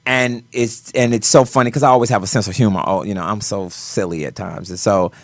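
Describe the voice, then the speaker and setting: As a talk show guest, a choreographer animatedly tells a personal story, his voice swinging between quiet and loud. He speaks briskly in a lowish voice, with no echo.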